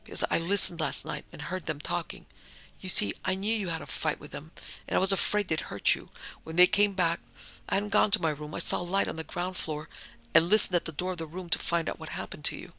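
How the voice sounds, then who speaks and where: A man voicing a frightened, sobbing young woman who talks in rough, plain speech, in a pulp adventure audiobook. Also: high-pitched, steady tone, fairly quick, bright, forceful tone, full character voice. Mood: breathless.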